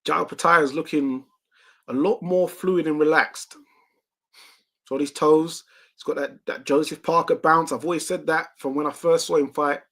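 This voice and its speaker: A man with a slightly higher-pitched voice calls a boxing bout live as a watch-along host. He talks in quick, excitable play-by-play and breaks off to read viewer comments. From United Kingdom.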